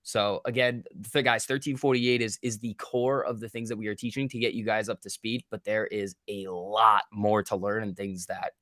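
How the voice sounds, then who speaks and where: A man's voice: on the low side, fairly even intonation, normal speed, hardly any pauses, a bit bright, dry recording, studio quality. A man co-hosting a live trading stream, walking through chart levels step by step in a casual way. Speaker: trading educator co-host.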